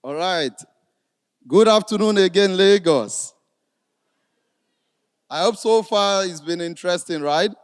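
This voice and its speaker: Smooth-voiced man addressing a hall. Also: high-pitched, takes it slowly, long pauses. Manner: relaxed, chatty, many fillers. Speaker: speaker at a finance event. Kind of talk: casual stage address. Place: large event hall. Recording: reverberant hall, long echo.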